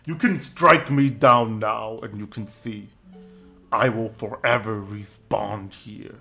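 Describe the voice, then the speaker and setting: A man voicing a bound male demon who speaks slowly and formally, calm and resigned. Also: on the low side, creaky, soft background music, voice pushed down, exaggerated voice. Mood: measured. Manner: slow, measured formal speech.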